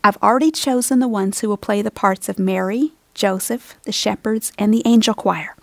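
Lady doing a kind gentle teacher lady, soft and reassuring, dry close sound. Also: medium pitch, fairly even intonation, moderate pace, creaky, no room sound. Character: kind, gentle woman schoolteacher, caring and prayerful. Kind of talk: storybook reading.

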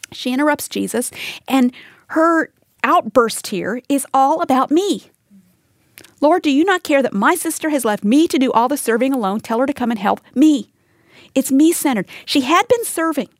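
Woman Bible teacher, fairly high voice, dry close sound, earnest and conversational with her listeners. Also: no room sound. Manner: earnest, talks straight to listeners with rhetorical questions. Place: live teaching session with women listening.

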